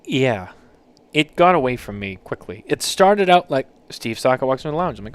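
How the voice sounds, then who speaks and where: A man at a middle pitch hosts a casual chat, reading listener submissions aloud. He reacts in a loose, joking way and swears freely. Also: very animated, normal speed, clean tone. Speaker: podcast host.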